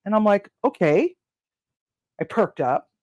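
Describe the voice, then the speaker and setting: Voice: mid-range voice, a little slow. Chatty cooking host telling a story. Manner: chatty, relaxed, acts out both sides of phone calls; frequent fillers and restarts. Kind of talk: casual storytelling.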